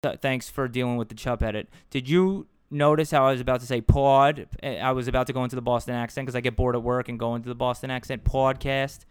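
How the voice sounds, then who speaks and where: A man's voice: mid-range voice, steady tone, fast talker, hardly any pauses, clear, resonant tone, no room sound, studio quality. Joking man podcasting casually. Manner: joking, rambling, self-mocking. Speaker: podcast co-host. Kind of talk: casual chat.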